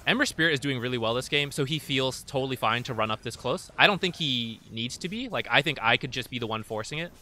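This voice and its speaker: A man's voice: mid-range voice, lively intonation, quick pace, hardly any pauses, sharp tone. A man talking casually through recorded matches as a guide creator, explaining team fights with frequent fillers. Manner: conversational, many fillers. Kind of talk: casual gameplay analysis.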